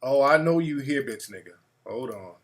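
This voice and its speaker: A man's voice: medium pitch, lively intonation, normal speed, fairly bright tone. A man hosting a call-in show, blunt and mocking in profane banter. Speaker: radio show host.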